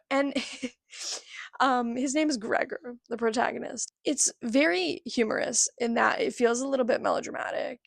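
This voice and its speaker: A woman's voice: a little high, normal speed, creaky, dry recording, studio quality. A young woman vlogging casually about books, chatty and giggly, with lots of fillers. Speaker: book vlogger. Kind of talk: casual chat.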